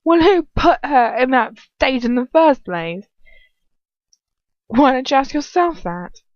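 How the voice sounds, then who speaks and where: A woman voicing a haughty, demented witch with an English accent and a high, lilting, breathy sneer. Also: sing-song, takes it slowly, dry recording, lo-fi sound, full character voice. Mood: indignant.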